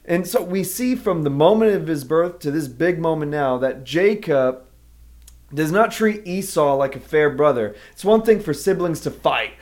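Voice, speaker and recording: A man's voice: on the high side, lively intonation, moderate pace, a little mellow. A man preaching a sermon as pastor, earnestly explaining a Bible story to his listeners. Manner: earnest, emphatic teaching, explaining a Bible passage.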